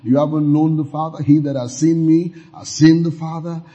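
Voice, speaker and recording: A man preaching a sermon, explaining scripture verse by verse and slowly repeating key phrases for emphasis. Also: on the high side, flat delivery, dark tone. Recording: dull lo-fi sound.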